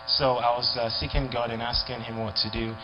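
A young man gives his testimony in earnest at a church conference. Soft worship music plays clearly under his voice. The sound is dull and lo-fi. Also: mid-range voice, little pitch movement, brisk. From Nigeria. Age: young adult. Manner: earnest, heartfelt, building in intensity. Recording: lo-fi video with music behind.

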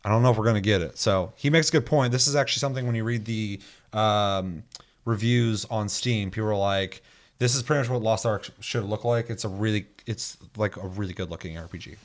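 A man's voice: fairly low pitch, a little fast. A young man hosting a podcast in casual chat, reading out listener comments, loose and profane, laughing easily. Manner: loose and profane, laughs often, animated when telling stories. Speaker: podcast host.

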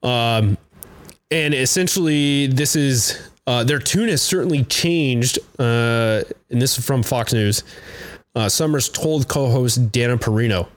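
Profane, rambling podcast host. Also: male voice, medium pitch. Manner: loose, profane and halting, with many fillers and restarts. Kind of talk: profane political rant.

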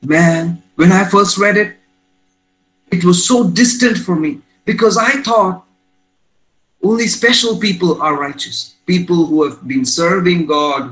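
A man's voice: on the high side, a bit bright, rough recording. A man preaching a sermon as pastor, emphatic and storytelling, with rising exclamations.

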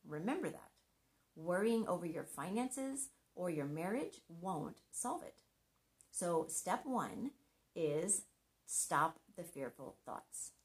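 A middle-aged woman speaks in a fairly low voice, giving a scripted devotional talk on marriage. She sounds earnest and conversational, with gentle humor.

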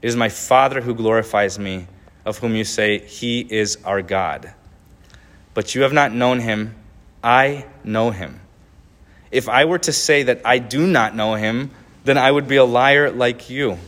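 A man's voice: medium pitch, a little slow, fairly bright tone. Man preaching through a scripture passage. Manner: reads verses with rising emphasis, then comments with small laughs and restarts. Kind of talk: sermon, reading and explaining scripture.

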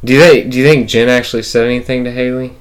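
A man's voice: mid-range voice, fairly even intonation, fast. A young adult man co-hosting a podcast, blunt and profane, who laughs often in casual chat. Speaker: podcast co-host.

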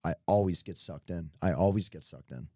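A man's voice: deep voice, fairly quick, mellow, dry recording, studio quality. A young man co-hosting a podcast, chatting casually about sports picks with loose, joking asides. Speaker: podcast co-host. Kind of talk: casual sports betting chat.

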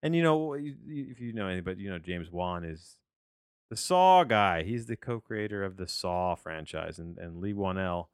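A man with a very low, smooth voice talks through a film review in a loose, rambling podcast style. He restarts his sentences often and drops in wry asides. The sound is close and dry. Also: lively intonation, normal speed, dry recording. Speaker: podcast host reviewing a movie. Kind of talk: casual rambling movie review.

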